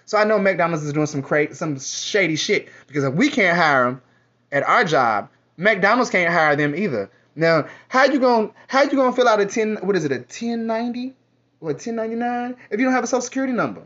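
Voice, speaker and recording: A fairly high-voiced man talks straight to camera in a loose, rambling monologue, dropping curses and sass as he goes. The audio is muffled and lo-fi. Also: lively intonation, brisk, fairly bright tone. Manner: sassy, profane, rambling. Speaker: vlogger. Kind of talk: casual monologue. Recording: dull lo-fi audio.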